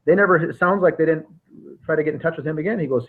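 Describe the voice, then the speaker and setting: This podcast host is a man whose voice is a little high and whose pace is fast. He walks through the facts of a case step by step, frequently starting over, in a relaxed investigative chat heard through a thin, phone-like connection.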